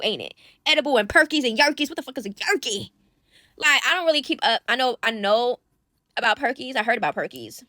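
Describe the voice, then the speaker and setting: A high-voiced woman runs casual gossip commentary straight to her viewers, sassy and full of slang. She keeps calling the audience "y'all" and "child" as she talks. The sound is close and dry, with no room around it. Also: animated, fairly quick, pushed and bright, no room sound.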